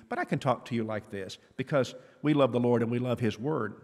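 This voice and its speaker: Speaking at a brisk clip with few pauses, a man with an animated, medium-pitched voice delivers a sermon in a church auditorium. He's earnest and conversational, asking the congregation questions, and the long reverb of the hall fills the recording.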